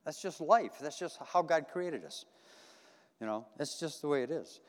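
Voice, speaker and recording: A man's voice: on the high side, animated, moderate pace. A man preaching a conversational sermon in a church, folksy and repetitive, asking the congregation questions. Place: church sanctuary. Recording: long hall reverb.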